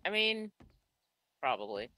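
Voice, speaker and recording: A man's voice: on the high side, very animated, a little slow, pushed and bright, a little hiss or hum. A laid-back man chatting and swearing casually while playing a co-op game with a friend. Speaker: gamer. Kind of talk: casual co-op gaming chat.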